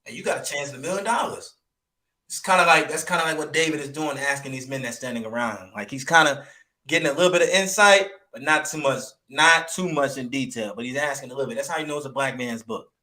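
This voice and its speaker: A man teaching from the Bible in an emphatic, animated, slangy way. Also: mid-range voice, quick pace. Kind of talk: street preaching commentary.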